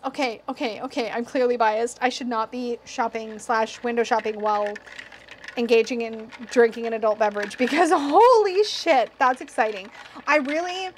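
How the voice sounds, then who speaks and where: High-pitched girl a bit tipsy, gushing and giggling over tarot decks, swears casually. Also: a little hiss or hum. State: slightly tipsy. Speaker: tarot YouTuber. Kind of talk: casual tipsy video review.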